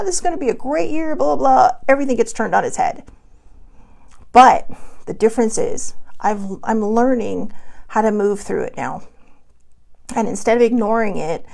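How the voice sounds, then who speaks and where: A woman's voice: mid-range voice, vocal fry, darkish tone. A middle-aged woman hosting a casual self-help vlog from her desk at home, talking candidly and rambling with many fillers. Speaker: host.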